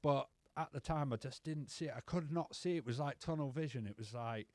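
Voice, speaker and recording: A man's voice: mid-range voice, brisk, dry recording. A young British man talking as a guest DJ, casual and blunt with lots of swearing. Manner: blunt, heavy swearing, rambling. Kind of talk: casual podcast chat.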